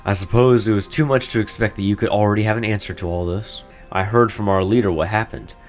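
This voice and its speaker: A man's voice: lowish voice, fairly even intonation, fast talker, soft background music, natural voice. A man reading as an earnest, apologetic clansman. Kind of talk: reading game dialogue aloud in character.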